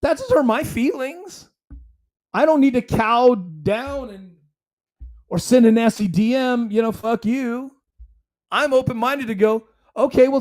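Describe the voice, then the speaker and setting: High-voiced man hosting a podcast. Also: a little mellow. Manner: emphatic, conversational, rambling asides. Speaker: podcast host. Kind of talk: solo political commentary podcast.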